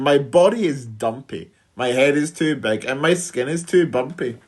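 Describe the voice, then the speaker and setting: A woman's voice: low voice, a little mellow. A woman voicing a dumpy, warty warthog cheerfully listing its flaws in rhyme. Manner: cheerful rhyming self-mockery.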